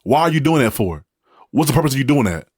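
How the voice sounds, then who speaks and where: A young man co-hosts a relationship podcast, musing in a relaxed way and often repeating his words as he gathers his thoughts. His voice is at a middling pitch for a man, frequently quiet, and recorded close and dry. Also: fast talker, breathy edge, dry recording. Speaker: podcast co-host. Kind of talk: casual relationship chat.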